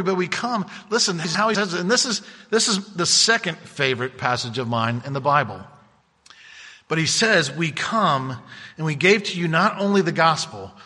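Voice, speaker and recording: A man's voice: high voice, pushed and bright, breathy edge, big-room sound. A man preaching a sermon as pastor, earnest and emphatic, often restarting his phrases.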